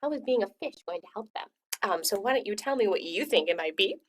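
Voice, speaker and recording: As storyteller and host, a woman reads a choose-your-own-adventure story aloud and chats with her listeners. She has a mid-range voice with lively intonation and talks fast.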